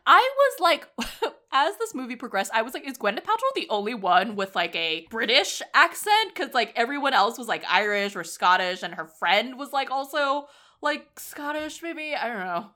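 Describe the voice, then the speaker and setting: A woman's voice: a little high, very animated, moderate pace, pushed and bright. A woman co-hosting a podcast, chatting casually and sarcastically about a film, laughing often. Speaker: podcast co-host. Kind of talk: casual film review chat.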